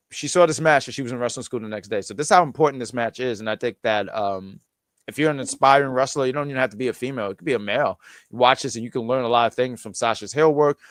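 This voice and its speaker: A man's voice: medium pitch, no room sound. Enthusiastic man hosting a podcast, dry sound. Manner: enthusiastic, stumbling restarts. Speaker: podcast host. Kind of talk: casual chat.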